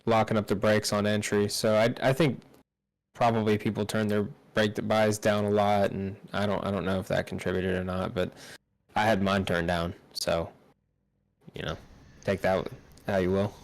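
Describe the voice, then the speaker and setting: A man who races online, chatting easily after the race and giving friendly shout-outs over voice chat. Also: on the low side, level tone, normal speed. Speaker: sim racing driver. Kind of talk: casual post-race interview.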